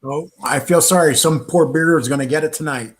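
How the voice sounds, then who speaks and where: A man's voice: a little high, a little fast, husky. A man hosting a casual podcast chat, pressing points with emphatic rhetorical questions.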